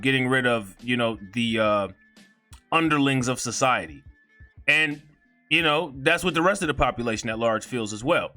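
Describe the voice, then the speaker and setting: A man's voice: a little high, sharp tone. A man giving a heated, profane commentary in a blunt, indignant way. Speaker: video commentator.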